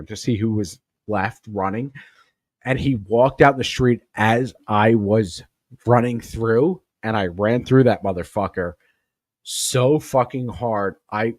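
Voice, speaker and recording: Profane rambling podcast host, low voice. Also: male voice, no echo, studio quality. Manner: profane, rambling anecdotes with tangents. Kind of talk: casual storytelling.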